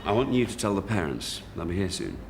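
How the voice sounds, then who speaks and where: An actor playing a brusque, glib senior doctor in a sitcom, giving a junior colleague blunt advice. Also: male voice, low voice, big pitch swings, fast, vocal fry, reverberant, a little hiss or hum. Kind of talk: sitcom acting.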